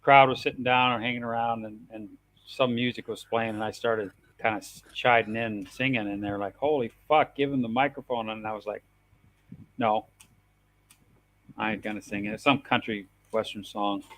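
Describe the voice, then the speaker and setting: A man's voice: fairly low pitch, flat delivery, moderate pace, fairly bright tone. A man co-hosting a live stream in casual chat, telling stories, laughing often and now and then singing a line. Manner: storytelling, laughs often, breaks into song.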